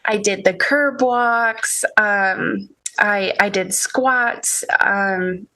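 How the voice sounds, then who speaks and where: As a guest on a podcast, a young woman with a mid-range voice recounts an emotional story from her own life. Her speech is halting, full of restarts and soft laughter.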